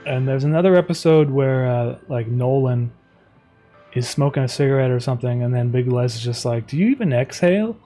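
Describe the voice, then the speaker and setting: A man streaming live as he animates, talking in a soft, rambling way with lots of fillers. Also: medium pitch, steady tone, a little fast, soft background music. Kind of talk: casual live-stream chat while drawing.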